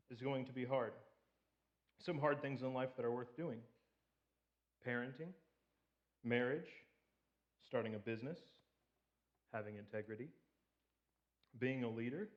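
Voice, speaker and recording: A male preacher with a mid-range voice gives a relaxed, joking sermon and keeps asking the congregation questions. He is recorded in a church sanctuary. The sound is dull and lo-fi. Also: medium pitch. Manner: joking, conversational, asks the audience questions. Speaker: pastor. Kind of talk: casual sermon.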